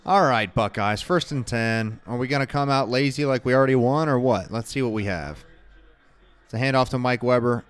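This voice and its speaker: A man's voice: mid-range voice, fairly quick, clean tone. A man co-hosting a casual watch party stream, calling plays and reading viewer comments aloud with a wry, exasperated manner.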